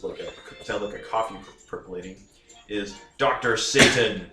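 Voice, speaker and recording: A man playing a tabletop game, describing his character in a halting, hedging way. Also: fairly low pitch, fairly bright tone. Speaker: player. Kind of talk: casual tabletop chat. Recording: echoey room with faint music.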